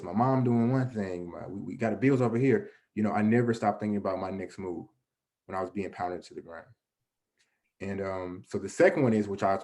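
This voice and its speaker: A man whose voice sits on the low side and sounds a little mellow acts as a guest presenter, offering a motivational talk to young listeners. Earnest and conversational, he restarts often, leans on "you know", and answers his own questions.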